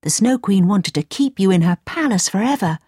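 A woman voicing an earnest, loving little girl in a storybook reading, high and eager. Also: expressive, a little fast, dark tone, husky, no room sound, studio quality.

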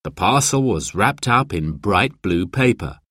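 Male narrator for a children's book, unhurried and highly expressive, dry studio sound. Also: husky, no echo. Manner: slow, expressive, storyteller's lilt. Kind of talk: children's book read-aloud.

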